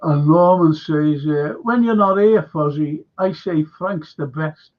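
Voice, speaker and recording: An older man hosting a casual chat, talking haltingly with many fillers and restarts. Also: fairly high pitch. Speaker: host. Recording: dull lo-fi sound.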